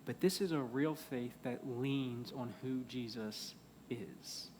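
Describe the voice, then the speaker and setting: A pastor preaching a sermon in a church, earnest, moving between loud emphasis and hushed pleading. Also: male voice, medium pitch, takes it slowly, a little hiss or hum. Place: church sanctuary.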